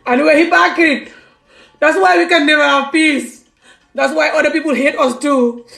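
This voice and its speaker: A woman's voice: high-pitched, fairly even intonation, normal speed, gravelly, fairly bright tone. A woman speaking in a fervent, outspoken monologue to her followers, repeating herself in broken English. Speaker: vlogger. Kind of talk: impassioned personal monologue. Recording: echoey room with faint music.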